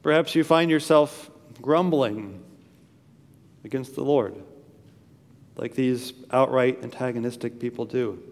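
A man's voice: mid-range voice, a little slow, pauses often. Earnest preacher man in an echoey hall. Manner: earnest, emphatic, repeats phrases for stress. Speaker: pastor. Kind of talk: sermon.

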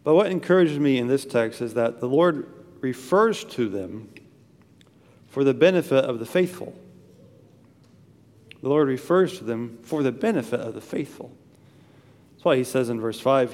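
A man's voice: medium pitch, measured pace, long pauses, darkish tone, in a large hall. A man preaching a sermon in a church, earnest and emphatic, repeating phrases for stress. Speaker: pastor.

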